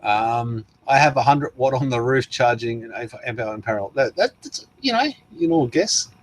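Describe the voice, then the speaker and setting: With an Australian accent and a mid-range, expressive voice, a livestream host chats casually at an ordinary pace. He goes through viewer comments, rambling and laughing as he responds.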